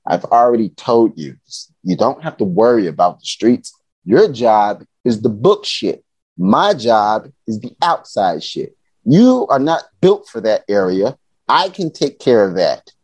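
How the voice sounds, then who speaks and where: A man putting on a stern middle-aged father, low and blunt, firm and commanding, street-smart. The voice lives and moves a lot, even in the orders. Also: measured pace, husky, no echo, exaggerated voice.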